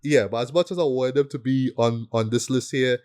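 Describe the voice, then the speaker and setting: A man with a medium-pitched, slightly mellow voice talks a little fast as a podcast co-host in a casual film review chat. He's enthusiastic and keen, tagging his points with "right?" again and again.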